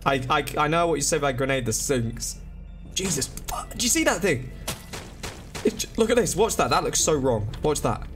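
A young man commentating his game live, excitable, swearing and begging the game for help. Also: on the high side, moderate pace. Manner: swears, begs and pleads under pressure. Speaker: gaming streamer. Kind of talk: frantic live gameplay commentary. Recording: loud game music behind. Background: game music.

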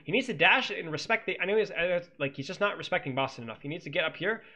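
Man, esports coach, replay analysis, teasing, bright voice. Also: high voice, lively intonation, fast talker. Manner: teasing, sarcastic, jokey.

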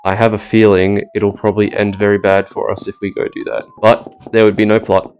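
A man's voice: fairly low pitch, flat delivery, brisk, a little mellow, a little hiss or hum. A man commentating a game he is playing, sarcastic and baffled, often laughing. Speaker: gaming YouTuber. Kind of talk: let's play commentary.

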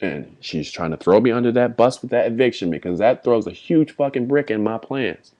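A man's voice: mid-range voice, lively intonation, normal speed, mellow. A young man vlogging a rambling, heartfelt apology, swearing freely as he talks. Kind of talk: personal apology vlog.

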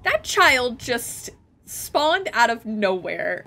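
Bright, excitable young woman gamer. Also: fairly high pitch, drawn-out words, vocal fry. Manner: excitable, giggly, reads dialogue choices aloud. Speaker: gaming streamer. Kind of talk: casual let's-play commentary.

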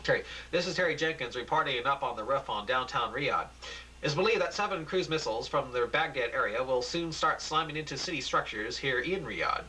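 A man's voice: mid-range voice, expressive, fairly quick, pushed and bright, slight background noise, low-quality recording. A man voicing a nervous male field reporter in an amateur radio play, hesitant and stammering.

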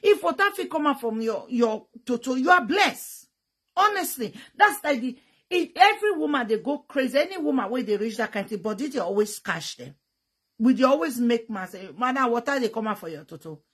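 A young woman with a Nigerian Pidgin English accent, talking frankly and bluntly to her viewers, with loud bursts and sound effects. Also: sits high, lively intonation, moderate pace, husky. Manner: blunt and teasing. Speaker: vlogger. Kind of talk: frank casual talk to viewers.

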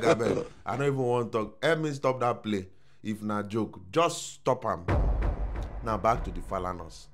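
A man with a Nigerian accent giving casual opinion commentary, animated and slipping into Pidgin. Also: fairly low pitch. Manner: animated, mixes Pidgin, repeats "I don't know if I'm shouting".

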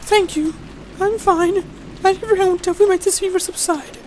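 A woman doing a feverish woman begging, very high. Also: fairly even intonation, normal speed, a little mellow, slight background noise. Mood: pleading. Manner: pleading, breathless. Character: feverish grown woman clinging to a hand. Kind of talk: amateur fan voice acting.

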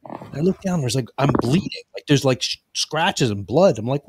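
Man, casual podcast storytelling, rambling and profane, acts out quotes, mid-pitched voice, dry close sound. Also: animated, normal speed, slightly rough, no echo. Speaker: podcast co-host.

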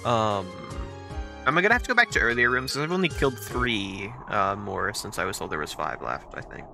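A man streams a video game live at his computer, talking casually and joking as he plays. He reads the on-screen text aloud along the way, with loud game music running behind him. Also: lowish voice, very animated, fairly quick, creaky. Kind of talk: live gameplay commentary.

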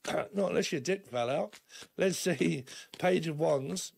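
A man's voice: on the high side, takes it slowly, vocal fry, pauses often, breathy edge. A man giving a casual, rambling tarot reading. He laughs often and acts out little imagined conversations. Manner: acts out imagined dialogues in shifting voices. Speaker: tarot reader.

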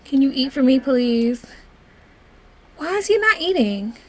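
A woman giving casual gameplay commentary in a voice pitched a little high. Her tone swings up and down freely. She chats along and coaxes her game characters like they're her kids. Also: sing-song, a little slow, a little mellow. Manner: chatty, talks fondly to her game characters. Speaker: let's play host.

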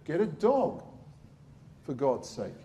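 A man's voice: fairly high pitch, very animated, takes it slowly, warm tone. A middle-aged man, a surgeon giving a blunt, sarcastic public talk.

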